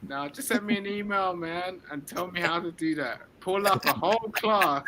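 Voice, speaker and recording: A man with a high-pitched voice chatting casually, animated, jokey and quick to laugh. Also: slight background noise. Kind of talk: casual chat.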